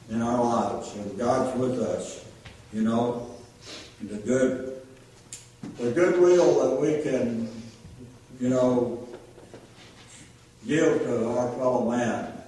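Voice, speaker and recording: An older man preaches an informal sermon, telling plainspoken everyday stories in a homely way. His voice sits at an ordinary pitch and comes from a distance across a very echoey church, with faint room hum behind. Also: darkish tone. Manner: folksy, storytelling, plainspoken. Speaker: lay preacher. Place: church sanctuary.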